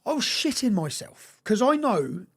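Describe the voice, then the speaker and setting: A man telling a story in an interview, talking fast, swearing and repeating words, often asking "yeah?". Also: high voice, very animated, creaky, fairly bright tone, slightly rough. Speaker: interview guest.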